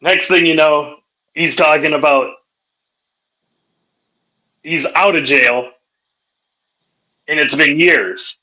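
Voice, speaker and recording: Host, middle-aged man. Bright, slightly high voice, lively yarn-spinner. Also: takes it slowly, pauses often, rough recording. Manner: animated storyteller, jumps high for quoted voices. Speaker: podcast host. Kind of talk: casual chat, retelling a comedy skit.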